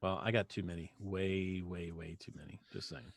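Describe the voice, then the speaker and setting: A man's voice: low-pitched, fairly even intonation, normal speed. A man chatting on a call, joking and trailing off. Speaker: guest on call. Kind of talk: casual chat.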